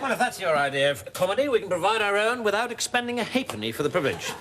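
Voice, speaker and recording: An actor playing a sardonic, scheming army captain with dry wit. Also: male voice, sits high, very animated, rapid-fire. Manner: dry, sarcastic. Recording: noisy old TV soundtrack.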